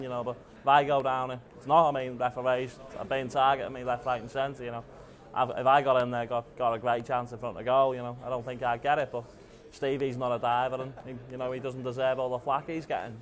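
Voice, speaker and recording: A man's voice: mid-range voice, level tone, a little fast, close to an everyday voice. A male impressionist playing a defensive young English footballer who talks in a rambling way with many "you know"s. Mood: aggrieved.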